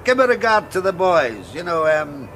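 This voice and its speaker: A pompous middle-aged politician in a TV sitcom. He talks down to old friends in a bright, animated voice that sits a touch high, with faint music behind him. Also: normal speed. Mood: condescending. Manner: pompous, condescending. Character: pompous socialist politician who lost his roots. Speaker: politician character. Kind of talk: TV sitcom acting.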